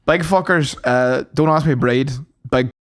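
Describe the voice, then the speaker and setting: Male podcast co-host, mid-pitched, casual anecdotes, salty language. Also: a little slow. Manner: swearing, animated anecdote-telling. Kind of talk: casual storytelling chat.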